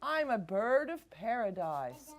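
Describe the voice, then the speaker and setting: Gentle bird of paradise, as a woman puts it on, high, slow, calling voice. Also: sing-song, low-quality recording.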